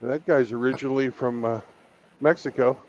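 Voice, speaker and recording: Gravelly man, blunt profane joking. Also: mid-range voice, fairly even intonation, normal speed, a little mellow, dull audio, a little hiss or hum. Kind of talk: casual chat.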